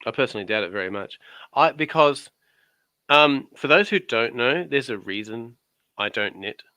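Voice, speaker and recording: A man's voice: medium pitch, expressive, moderate pace, pushed and bright, clean tone, dry recording. A man chatting casually as a guest, telling rambling stories and cracking jokes. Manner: joking, rambling storyteller. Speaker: guest on his wife's craft channel. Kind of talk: casual chat.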